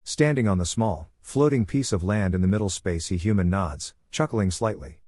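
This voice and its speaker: A man narrating a fan fiction story in a steady, even reading. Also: fairly low pitch, moderate pace, no echo, studio quality. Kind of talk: scripted narration.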